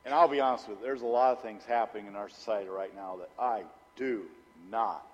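A middle-aged pastor delivers a sermon briskly, sharing personal stories in a conversational way and dropping his voice low and intense to stress points. The audio has its highs cut off and a long hall reverb.

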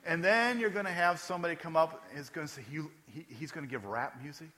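A man preaching a sermon in a lively, conversational style, with joking asides and questions to the congregation. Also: fairly high pitch, fast. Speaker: pastor. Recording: echoey hall.

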